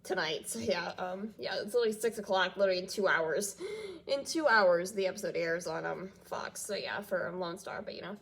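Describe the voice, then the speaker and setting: A woman's voice: fairly low pitch, a little fast, vocal fry, a bit bright, slightly rough. Congested woman rambling in a fan vlog. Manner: rambling, with frequent fillers and loops back on itself; giggles often between thoughts. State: congested, nasal from allergies. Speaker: fan reaction vlogger. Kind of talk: casual chat reacting to TV news.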